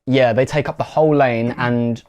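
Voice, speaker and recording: A young man, co-hosting a podcast with relaxed, teasing banter that often trails off. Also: mid-range voice, normal speed, lo-fi sound. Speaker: podcast co-host. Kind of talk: casual chat.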